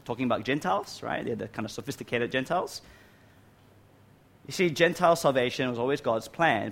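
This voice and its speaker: A man preaching a sermon in a church hall, reading scripture aloud and stressing key words, checking in with "right?" again and again. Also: medium pitch. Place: church hall with air conditioning.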